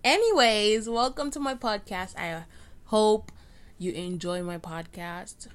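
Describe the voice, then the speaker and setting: A woman's voice: medium pitch, takes it slowly. A young woman hosting a casual solo podcast, rambling and self-deprecating as she restarts her sentences, recorded on a cheap microphone at home. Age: young adult. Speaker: podcast host. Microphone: cheap USB microphone.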